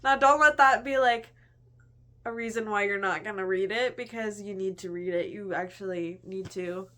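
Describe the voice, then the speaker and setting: A woman's voice: mid-range voice, normal speed, a bit bright. A young woman in a casual book review chat, gushing and chatty, filling her talk with "like". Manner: gushing, chatty, heavy use of "like".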